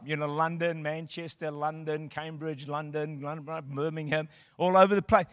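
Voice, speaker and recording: A man preaching a sermon as a pastor, swinging from quiet storytelling to shouted declarations. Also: fairly high pitch, steady tone, a little fast, few pauses, no echo, clean studio sound.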